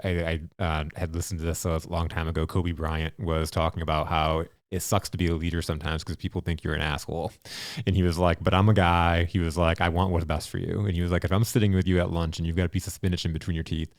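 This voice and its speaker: Fast-talking deep-voiced man. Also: no echo, clean studio sound. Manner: animated storyteller, blunt and profane. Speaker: podcast host. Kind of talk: casual interview chat.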